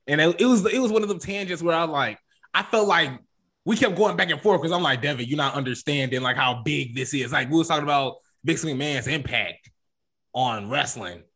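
A man co-hosting a casual wrestling podcast, rambling and animated, acting out quotes in jokey voices. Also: on the high side, fairly quick. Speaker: podcast co-host.

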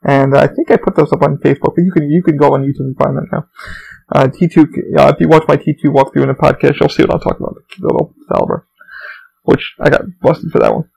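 A man's voice: fairly high pitch, steady tone, fast talker, gravelly, a little mellow, breathy edge, low-quality recording. A man hosting his own podcast, telling rambling, profane stories about his theme park job. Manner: profane, rambling, heavy swearing. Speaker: podcast host. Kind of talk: rambling casual storytelling.

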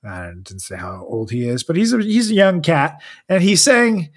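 A man's voice: a little high, big pitch swings, moderate pace. A man co-hosting a podcast, chatting casually with crude jokes and frequent laughter. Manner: joking, crude, laughs often. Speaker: podcast co-host. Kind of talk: casual podcast chat with a read ad.

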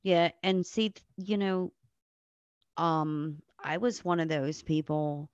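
This nurse's voice sits low and moves at a slow pace, a little mellow and clean in tone. As a podcast guest she tells blunt, casual stories full of swearing, imitating the people she quotes. The audio has no echo but sounds dull.

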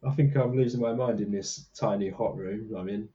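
A man's voice: fairly low pitch, a little fast, warm tone, a little hiss or hum. Male podcast co-host, self-mocking and rambling, dull lo-fi sound. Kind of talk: casual podcast chat. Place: small hot room.

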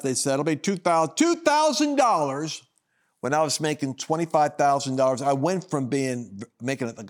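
A man minister giving a personal testimony on a broadcast, acting out the dialogue as he tells it, with loud high bursts and low quiet asides. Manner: acts out quoted dialogue in his telling.

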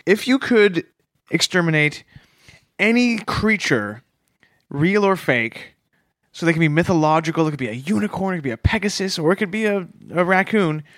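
A man co-hosting a comedy podcast, riffing in a playful, mock-serious way. His voice sits a little high and swings widely in pitch. The sound is close and dry. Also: lively intonation, moderate pace, a bit bright, no room sound. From Canada. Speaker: podcast co-host. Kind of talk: improvised comedy chat.

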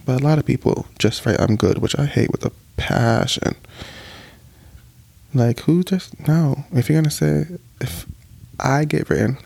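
A young man vlogging in casual chat, sassy and expressive, swearing freely and popping into playful high voices. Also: a little slow, vocal fry, pauses often, breathy edge.

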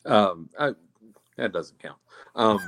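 Deep-voiced man sharing opinions. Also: expressive, takes it slowly, a bit bright. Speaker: podcast guest reviewer. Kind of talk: casual chat.

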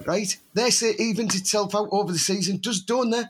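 Guy ranting on a podcast, high voice, husky, lots of swearing. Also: fairly quick. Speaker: podcast co-host. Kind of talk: casual podcast banter.

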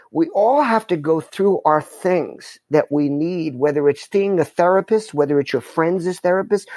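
A man's voice: sits high, darkish tone, dry recording. A middle-aged man from New York, a podcast guest telling a personal story in a candid, emphatic way, often restarting his sentences. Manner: emphatic, self-interrupting, heartfelt.

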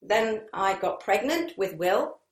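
A woman's voice: mid-range voice, sing-song, takes it slowly. Interview guest, woman from the south of england, meandering anecdotes, echoey room. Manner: rambling, many ums and asides. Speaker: actress guest.

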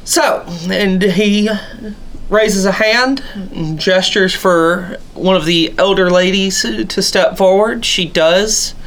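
A game master narrating a tabletop game in a relaxed, rambling way. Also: medium pitch, slow pace, hardly any pauses.

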